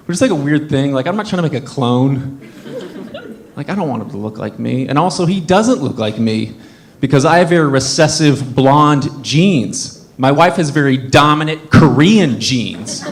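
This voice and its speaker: A young man performing a stand-up comedy set on a club stage, telling stories animatedly and jumping into squeaky high voices for quotes. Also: animated, moderate pace, a little hiss or hum. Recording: live club audience laughter. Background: laughing audience.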